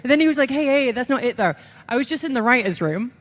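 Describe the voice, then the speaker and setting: A woman's voice: a little high, fast talker. A young woman guest on a talk show, telling stories casually, acting out quotes, laughing and swearing as she goes. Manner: animated storyteller, acts out quotes, swears, laughs often. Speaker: podcast guest, pro wrestler. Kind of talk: casual chat, storytelling.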